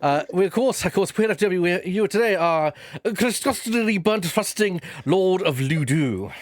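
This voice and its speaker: A man's voice: high voice, lively intonation, moderate pace, slight background noise. A man doing a pompous old naval admiral. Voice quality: pompous, rambling with many restarts. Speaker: streamer host. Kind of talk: comic in-character role-play.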